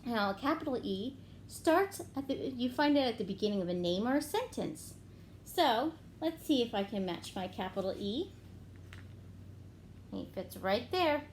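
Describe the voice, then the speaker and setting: A woman teacher giving a gentle phonics lesson to young children, clapping out words syllable by syllable. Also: on the high side, sing-song, a little slow, a little hiss or hum.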